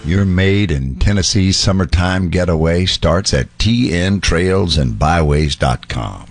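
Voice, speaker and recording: Male morning radio host, low-pitched, animated delivery, jokey. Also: unhurried, soft background music. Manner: jokey, laughs often, reads ad copy. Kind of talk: casual radio chat. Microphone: studio microphone.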